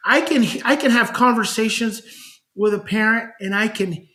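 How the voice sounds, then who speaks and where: A middle-aged child behavior specialist with a higher voice tells stories conversationally on a podcast at a moderate pace. He's animated, acting out parents' voices whenever he quotes them.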